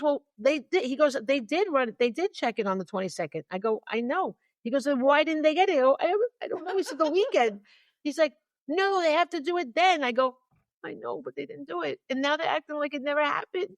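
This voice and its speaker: A woman tells a story in casual podcast chat. Her voice sits a little high, and she acts out every exchange with plenty of energy and laughter. The sound is dry and close, with no room to it. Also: no echo. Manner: animated storyteller, acts out both sides of the phone calls, laughs often. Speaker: podcast co-host.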